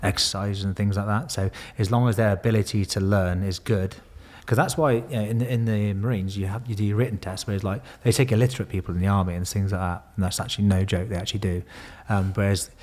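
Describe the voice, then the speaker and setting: Bloke, low-ish voice, swears a lot telling old stories. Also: male voice, fairly even intonation, fast, hardly any pauses, darkish tone. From Bristol, England. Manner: swears freely, laughs through stories. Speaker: podcast guest, former Royal Marine. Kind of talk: casual storytelling.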